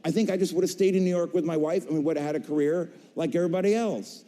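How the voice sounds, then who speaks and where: A middle-aged man telling his career story on a convention stage, an animated storyteller who acts out voices and jokes. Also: a little high, quick pace. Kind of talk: stage talk to a convention audience. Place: large convention hall stage. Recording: long hall reverb.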